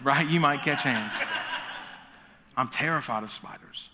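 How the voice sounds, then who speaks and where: A man preaching a sermon as pastor, in an energetic, joking manner. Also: medium pitch, unhurried, in a large hall, background noise.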